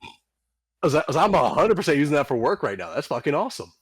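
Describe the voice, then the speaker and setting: A man playing in a tabletop game, telling stories in an animated way and swearing freely while chatting with friends. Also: a little high, quick pace, breathy edge, no echo. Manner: profane, animated storyteller. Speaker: player. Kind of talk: casual chat at a tabletop game.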